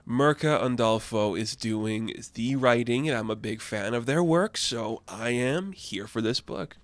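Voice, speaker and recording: A man's voice: mid-range voice, a little slow, no room sound. A man casually reviewing a comic book in a video, chatty and enthusiastic, full of "like" fillers.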